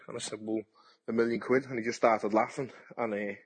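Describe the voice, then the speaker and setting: Brief: man in his 30s, boxer, husky low voice, frank and salty. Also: steady tone, a little fast. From Britain. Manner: frank and blunt, swears freely, acts out past conversations. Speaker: boxer, podcast guest. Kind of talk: casual interview chat.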